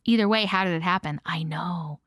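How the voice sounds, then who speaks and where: A woman's voice: on the low side, a little fast, a bit bright, dry recording, clean studio sound. A young woman with a Long Island accent, hosting a casual live stream chat, giggly and swearing freely as she reads comments aloud. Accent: Long Island New York. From Long Island, New York. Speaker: host.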